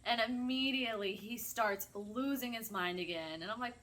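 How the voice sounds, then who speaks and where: A woman telling a casual, animated story while playing a video game, chatty and theatrical. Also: on the high side, normal speed. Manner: chatty, animated, self-described drama kid. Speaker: gaming streamer.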